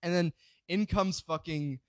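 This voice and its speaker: A young man telling a story in casual chat, rambling, swearing freely and filling every pause with "like". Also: on the high side, no echo. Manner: rambling, swears a lot, fills with "like".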